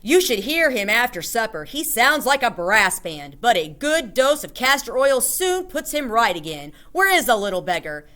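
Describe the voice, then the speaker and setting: A woman voicing a hot-tempered father who shouts and blusters. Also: fairly high pitch, very animated, normal speed, few pauses, voice pushed up. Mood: blustering.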